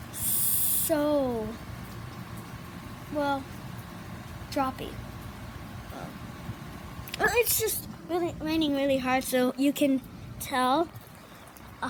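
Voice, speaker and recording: A female vlogger with a high, bright-sounding voice, talking slowly and rambling as she shows off her pets, now and then cooing at them. It is a noisy home phone video with rain hissing in the background. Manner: chatty, rambling, coos at her dogs in a high voice.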